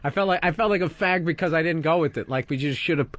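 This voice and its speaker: A man's voice: fairly high pitch, quick pace, fairly bright tone. A man co-hosting a podcast, bantering in a blunt, teasing, profane way. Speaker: podcast co-host. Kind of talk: casual banter.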